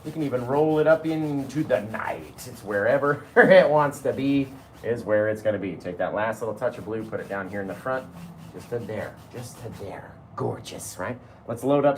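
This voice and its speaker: A man's voice: medium pitch, brisk, echoey room, slight background noise. Chatty man teaching painting. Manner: chatty, keeps asking "right?"; laughs easily while talking. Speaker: painting instructor. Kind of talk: live painting tutorial.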